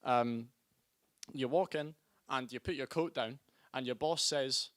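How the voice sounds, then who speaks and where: A young Scottish man compering a student stand-up show, with a bright, forceful voice. He talks in a chatty, self-mocking way and breaks into loud calls to hype the crowd. The sound is dry and close, with little room echo. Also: medium pitch, a little slow, clean tone. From Scotland. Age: young adult. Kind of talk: live stand-up comedy. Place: student comedy night venue.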